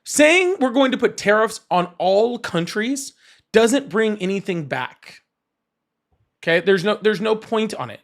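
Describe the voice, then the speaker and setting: A young man hosting a casual political debate, blunt and argumentative, with rough, profane language. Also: sits high, big pitch swings, unhurried. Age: young adult. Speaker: political show host.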